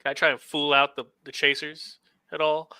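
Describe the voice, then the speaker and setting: A man's voice: on the high side, little pitch movement, normal speed, pushed and bright, clear, resonant tone, no echo. A young man playing in a tabletop game, chatting casually and asking hesitant questions. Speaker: player.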